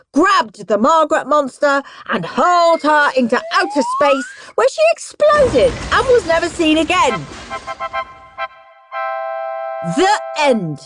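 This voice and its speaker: A woman's voice: high voice, voice pushed up, full character voice. A woman voicing a mischievous young boy who is cheeky and defiant.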